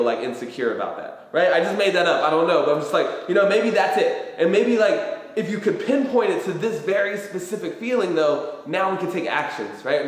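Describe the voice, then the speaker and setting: A man giving a casual livestream pep talk as a motivational vlogger, rambling with lots of fillers and free swearing. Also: a little high. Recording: very echoey room with long reverb.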